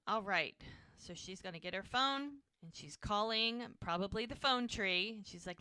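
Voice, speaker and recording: Bright-voiced woman recapping a show. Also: mid-range voice, moderate pace, few pauses, clear, resonant tone, no room sound. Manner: retells scenes by quoting characters, with frequent "he's like". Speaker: podcast co-host recapping a TV episode. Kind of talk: casual recap chat.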